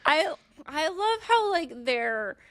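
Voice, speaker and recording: A woman co-hosting a podcast in casual chat, animated and giggly, acting out scenes as she talks. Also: sits high, takes it slowly, no echo. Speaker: podcast co-host.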